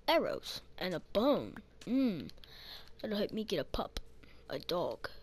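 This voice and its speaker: Woman playing a game and talking slow, mumbly and sweary, bit of faint hiss. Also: fairly low pitch, big pitch swings. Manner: slow, muttering, swears a lot. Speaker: gaming channel host. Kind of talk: casual let's-play commentary.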